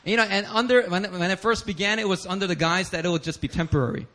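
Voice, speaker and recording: A man preaching a sermon as pastor, telling stories animatedly with bursts of shouting and laughter. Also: high-pitched, quick pace.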